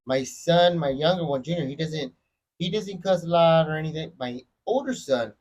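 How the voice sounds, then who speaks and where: A middle-aged man talks in a relaxed, rambling manner, his voice sitting a little high for a man. He keeps things loose with frequent asides as a podcast guest. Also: moderate pace. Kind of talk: casual chat.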